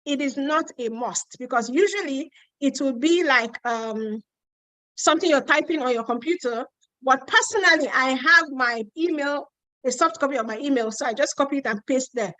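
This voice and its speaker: Bright-voiced Nigerian woman answering live questions. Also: sits high, moderate pace, dry recording, low-quality recording. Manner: chatty, reads out questions, frank and teasing. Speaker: host answering viewer questions on a live stream. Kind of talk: casual live Q&A.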